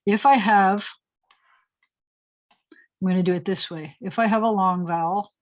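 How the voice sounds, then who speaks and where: A woman's voice: mid-range voice, a little slow. A woman rabbi teaching a Hebrew lesson over a video call, thinking aloud as she writes and correcting herself with chatty asides. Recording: slightly dull video call audio.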